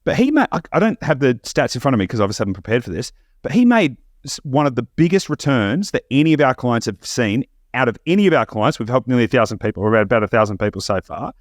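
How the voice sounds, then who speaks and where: A man hosting a casual podcast, rattling along at a brisk pace. He jumps in with stuttered restarts and lively emphasis. The sound is close and dry, with no room around him. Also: mid-range voice, no echo. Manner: fast, animated, stumbling restarts. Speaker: podcast host.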